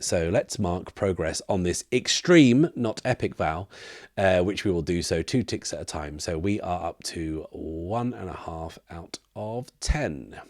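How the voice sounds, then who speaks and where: A man narrates his solo tabletop role-playing game, thinking aloud with fillers and restarts. His voice is very deep. The recording is dry and close, with no room sound. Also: darkish tone, dry recording.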